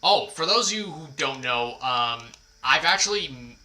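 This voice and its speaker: Slow-talking man with a bright voice over music. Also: fairly high pitch, lively intonation, poor audio. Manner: rambling, apologetic, self-deprecating. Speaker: livestream host. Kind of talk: casual livestream chat. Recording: background music under the voice. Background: quiet background music.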